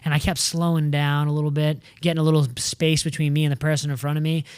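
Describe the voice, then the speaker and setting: Animated, swearing, fairly high-voiced man. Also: quick pace, clear, resonant tone, dry recording. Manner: animated, swearing freely, says "dude" a lot. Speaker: podcast regular. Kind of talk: casual storytelling.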